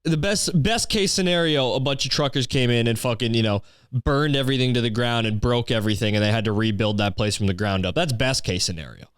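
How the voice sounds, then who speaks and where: A man's voice: medium pitch, fairly quick, clean tone, dry recording, clean studio sound. A young man from Canada, hosting a podcast with a crude, sarcastic, swear-filled comedic rant. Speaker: podcast host.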